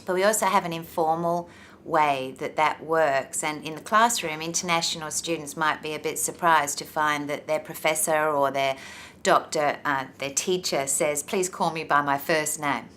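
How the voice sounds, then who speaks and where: A woman explaining local customs to students in a relaxed, explanatory way, with interview questions in between. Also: low voice, normal speed, slight background noise. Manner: relaxed, explanatory, with frequent ums. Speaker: interviewer and university presenter. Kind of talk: informative talk and interview questions.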